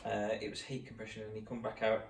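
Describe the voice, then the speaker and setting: A man's voice: lowish voice, completely flat delivery, quick pace, gravelly, a little hiss or hum. Man, chatty, echoey and distant. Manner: chatty, recounting an injury. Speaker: fitness channel host. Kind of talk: casual chat. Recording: echoey room, mic at a distance.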